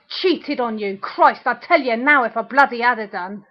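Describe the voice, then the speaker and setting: A woman's voice: a little high, moderate pace, few pauses. A young woman recording an angry video diary at home, ranting, sarcastic and swearing, close to tears at times. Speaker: video diarist. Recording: dull lo-fi webcam audio.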